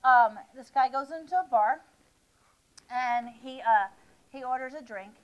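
High-voiced woman stumbling through a joke. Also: unhurried, clear, resonant tone, lo-fi sound. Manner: rambling, stumbling storytelling. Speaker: guest stand-up comic. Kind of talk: telling jokes on a talk show.

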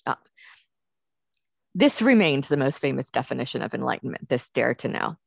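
A woman gives an academic lecture, her voice sitting low. She talks in a loose, conversational way, thinking aloud with fillers and restarts. The sound is dry, with no room around it. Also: dry recording. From United States.

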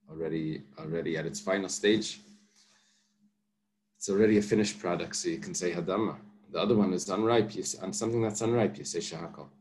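Guy with a lowish voice teaching a talmud class, translating line by line, laid back. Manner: translates Aramaic line by line, explains patiently. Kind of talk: daf yomi Talmud class.

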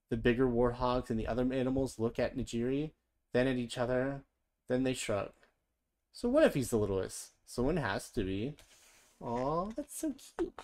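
Playful storybook reader. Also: mid-range voice. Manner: gentle, chatty, playful. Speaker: children's book reader. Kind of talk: storybook read-aloud with chatty asides.

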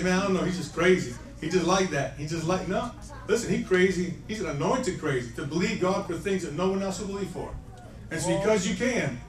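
A male evangelist preaching prophetically to individuals, emphatic and playful, often repeating "listen" and laughing between points. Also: on the high side. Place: church conference hall. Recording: echoey hall, mic from far off.

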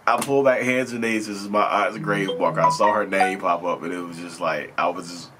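Over loud music, a man in his thirties speaks in a low, steady voice at a brisk pace. He's a video host telling viewers about his own experience in a casual, earnest monologue, rambling and repeating phrases as he goes.

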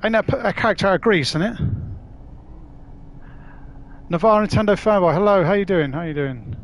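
Chatty London streamer, fairly high voice. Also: male voice, a little fast. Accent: London Cockney. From London, England. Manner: chatty, matey, swears freely, calls viewers mate and dude. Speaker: gaming livestreamer. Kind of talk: casual live-stream chat with viewers.

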